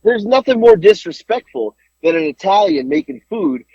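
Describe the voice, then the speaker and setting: A man's voice: high voice, normal speed, gravelly, breathy edge, no echo. A man hosting a podcast in casual chat. He tells stories with lots of energy, rambles, and keeps restarting his sentences, on a dull, dry lo-fi recording. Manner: animated rambling storyteller, frequent restarts. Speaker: podcast host.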